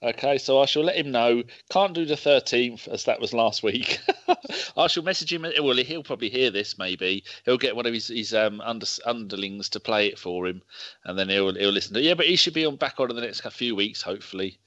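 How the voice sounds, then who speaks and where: Brit bloke hosting a podcast, bright voice, bit muffled lo-fi sound, dry, lots of swearing and laughs. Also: male voice, medium pitch, a little fast, no echo. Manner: banter, swears, laughs a lot. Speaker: podcast host. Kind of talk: casual podcast chat.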